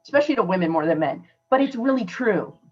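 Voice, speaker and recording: A woman's voice: medium pitch, expressive, quick pace, darkish tone, husky, dull audio. A woman hosting a podcast, giving earnest, emphatic advice in a conversational way. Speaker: podcast host. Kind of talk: casual coaching talk.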